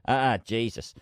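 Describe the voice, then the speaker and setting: A man's voice: mid-range voice, a bit bright, clean tone, no echo, clean studio sound. A middle-aged man hosting his own podcast, chatting in a rambling, sweary, self-mocking way. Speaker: podcast host. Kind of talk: casual solo podcast chat.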